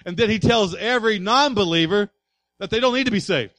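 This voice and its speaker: High-voiced man preaching with force. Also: a little fast, no echo. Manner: emphatic preaching, swings from soft asides to loud passages; asks the congregation rhetorical questions. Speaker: pastor. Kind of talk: sermon.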